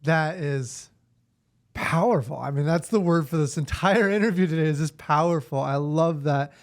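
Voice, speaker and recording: Man, podcast host, casual and appreciative, slightly high pitch. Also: moderate pace. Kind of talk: casual interview chat.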